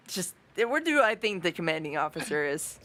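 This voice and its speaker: A woman's voice: fairly low pitch, sing-song, normal speed, a bit bright. A woman playing in a tabletop role-playing session, speaking hesitantly and playfully. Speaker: player.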